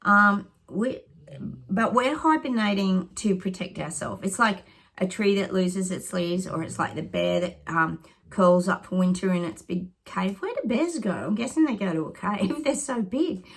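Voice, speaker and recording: Husky-voiced woman psychic, rambling predictions. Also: medium pitch, animated, normal speed. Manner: rambling, thinking aloud, often whispers asides.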